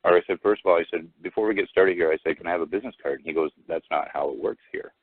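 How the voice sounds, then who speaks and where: A man's voice: low-pitched, very fast, husky, no room sound. A man calling in to a talk show, rambling through a story with many fillers and restarts, quoting each side of a conversation. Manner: retells exchanges by quoting both sides. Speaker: caller. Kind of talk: casual storytelling on a call-in show. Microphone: phone. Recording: tinny phone line, dry.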